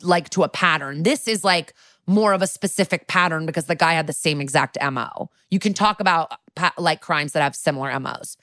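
A woman's voice: fairly low pitch, a bit bright, dry recording, studio quality. A woman co-hosting a podcast, chatting casually while recapping a TV episode, swearing freely and saying "like" a lot. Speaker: podcast co-host.

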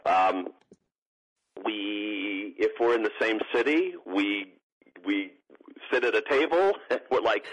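Guy on a radio interview, kinda low voice, lots of um and restarting, easygoing. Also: slow, poor audio. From grew up partly in Morocco. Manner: rambling, many restarts and fillers, chuckling. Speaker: guest, parkour organization co-founder. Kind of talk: casual interview chat.

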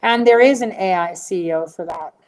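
A woman's voice: on the low side, fairly quick, a little mellow. A middle-aged woman talking to viewers in a rambling, blunt, profane rant, full of fillers. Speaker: livestream host answering viewers.

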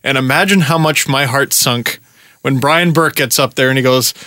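A young man hosting a podcast, telling a story in casual chat, animated and profane, acting out his own rants. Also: medium pitch, normal speed, dry recording, clean studio sound. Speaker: podcast host.

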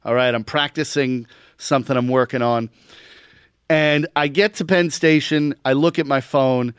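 Man, podcast co-host, wry storyteller, average pitch, dry close mic. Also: steady tone, moderate pace, smooth, dry recording. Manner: laid-back storyteller, wry. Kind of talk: casual sports chat.

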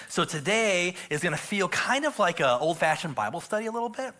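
A middle-aged male pastor preaching a casual sermon, joking and filling pauses with restarts. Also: high-pitched, animated, bright, forceful tone. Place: church stage.

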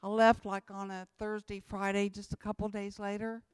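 A woman's voice: medium pitch, level tone, moderate pace, smooth, dry recording. A woman speaking as a missionary, telling church testimony stories in a repetitive, emphatic way.

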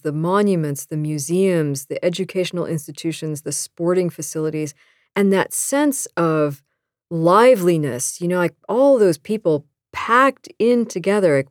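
Earnest woman archaeologist, lowish voice. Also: darkish tone, no echo, clean studio sound. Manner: earnest, enthusiastic. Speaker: author and archaeologist. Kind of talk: prepared author introduction.

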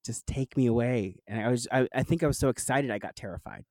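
Fast-talking and mid-range, this New Jersey guest comes through a rough recording with no echo. He spins lively childhood tales in a relaxed interview, peppered with laughter and plenty of "like."

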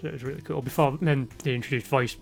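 A man chatting casually as podcast host, his talk full of fillers and quick laughs. His voice sits at a middle pitch and is a little rough from a sore throat. Faint music plays behind him. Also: fairly even intonation. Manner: laughs often, lots of fillers. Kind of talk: casual chat.

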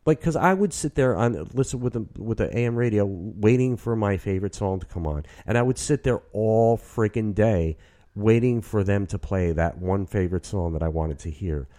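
Brief: fifties male host, deep mellow voice, rambly and excited. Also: normal speed. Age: 50s. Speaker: podcast host. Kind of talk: casual chat. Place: apartment.

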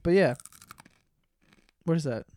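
A man's voice: on the high side, animated, slow, dark tone, dry recording. A young man hosting a podcast, telling crude stories in casual chat. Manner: crude, joking storyteller. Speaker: podcast host. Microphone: studio mic on stand.

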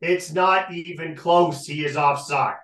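Brief: male sports podcast co-host, ranting and animated, slightly high voice, roomy off-mic recording. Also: unhurried, distant mic. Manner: animated, ranting, repeats catchphrase. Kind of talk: casual sports talk rant. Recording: echoey room, off-mic.

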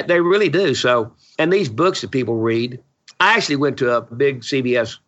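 A man's voice: medium pitch, fairly bright tone. A man in his seventies, a real estate investor guesting on a podcast, telling stories in a blunt, opinionated, salty way on a dull lo-fi recording. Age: 70s. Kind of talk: storytelling interview chat.

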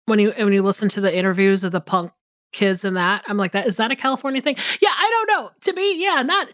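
A woman co-hosting a podcast in a casual chat. She talks in a relaxed, rambling way with many restarts. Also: medium pitch, a little fast, no room sound, studio quality. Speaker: podcast co-host.

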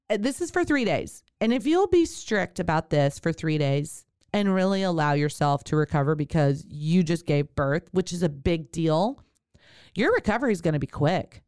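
Smooth, low-voiced woman chatting. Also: darkish tone, dry recording, clean studio sound. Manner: chatty, with fillers and direct address to listeners. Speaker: podcast host and birth worker. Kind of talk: casual storytelling and advice.

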